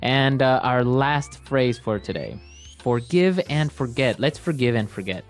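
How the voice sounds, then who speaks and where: A man's voice: medium pitch, lively intonation, measured pace, faint music behind. A man hosting an English lesson podcast, moving through the phrases with short prompts and recaps. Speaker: podcast host and English teacher.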